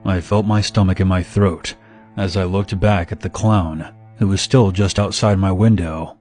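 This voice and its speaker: A man narrating a scripted first-person horror story in a steady, dramatic way. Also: low-pitched.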